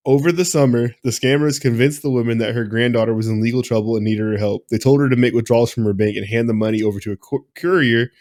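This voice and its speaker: A man's voice: mid-range voice, fairly even intonation, quick pace, hardly any pauses, a little mellow. A man co-hosting a podcast in laid-back casual chat, easily amused, sometimes reading a news item aloud. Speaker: podcast co-host.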